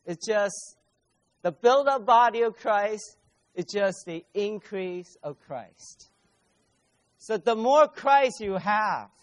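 Speaking directly to his conference audience, a high-voiced man preaches with force, drawing out and repeating his central phrases.

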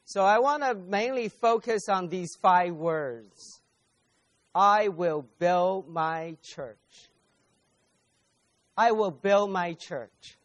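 A man preaching a sermon at a conference, speaking emphatically, repeating key phrases slowly and addressing the audience directly. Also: sits high.

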